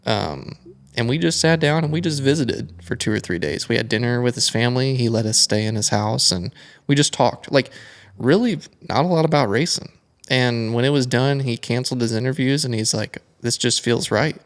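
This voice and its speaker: Young male racer, casual rambler with a gravelly edge, mid-pitch. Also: normal speed. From United States. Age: young adult. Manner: rambling, animated storytelling with many fillers. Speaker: guest, flat track racer. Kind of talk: casual storytelling interview.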